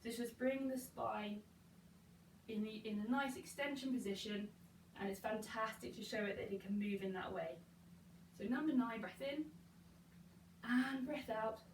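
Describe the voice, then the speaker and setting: A young woman leads a mat pilates session, calling out each rep and encouraging the listener as she works through it herself. Her voice sits a bit high, caught from a few meters off in a room with noticeable echo and a faint hiss. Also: normal speed, pauses often, distant mic. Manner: encouraging, counts reps aloud. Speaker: pilates instructor. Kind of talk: guided workout instruction.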